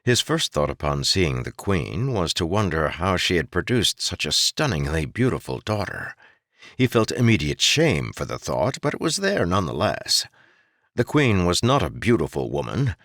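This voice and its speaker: Deep-voiced male audiobook narrator. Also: normal speed, no echo, studio quality. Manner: expressive storytelling with shifting character voices. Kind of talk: scripted fantasy audiobook narration.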